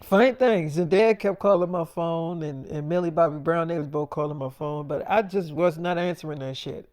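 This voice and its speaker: High-pitched guy rambling a cussing freestyle story, repeats himself a lot. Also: normal speed, a little mellow.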